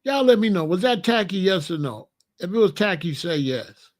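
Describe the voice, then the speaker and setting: A man's voice: high-pitched, very animated, moderate pace. Guy ranting bluntly at his viewers, casual commentary. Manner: blunt, emphatic, talks straight to viewers.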